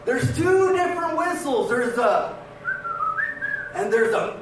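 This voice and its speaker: A man performing a loud stand-up comedy set for a live audience, telling family stories and acting out the voices. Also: very high-pitched, very animated, slow. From Mexican-American family. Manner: loud storytelling, acts out voices, stutters for effect. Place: prison event hall, live audience. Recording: echoey far-off hall recording with noise.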